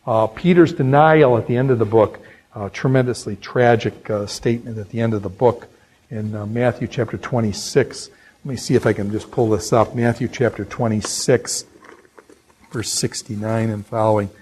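A man teaching an informal Bible lecture, telling stories conversationally and sinking into hushed, earnest tones. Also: on the low side, steady tone, normal speed, a little hiss or hum, low-quality recording. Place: New England.

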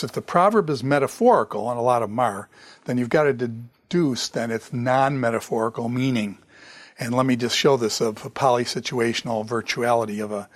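A man's voice: medium pitch, no echo. Man giving a casual classroom lecture. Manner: conversational, repeats phrases, frequent "okay?".

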